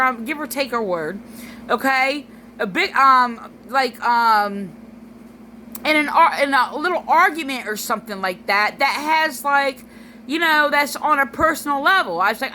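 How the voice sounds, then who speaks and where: A woman's voice: sits high, lively intonation, moderate pace, sharp tone, a little hiss or hum, low-quality recording. A tearful woman rambling through a personal vlog monologue, full of restarts and fillers.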